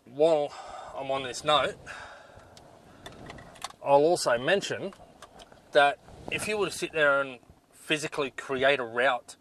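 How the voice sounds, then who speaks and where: A man's voice: medium pitch, unhurried, pauses often, fairly bright tone, a little hiss or hum. Blunt exasperated man. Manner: blunt, exasperated, with frequent ums. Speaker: 4WD touring vlogger. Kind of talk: casual vlog review.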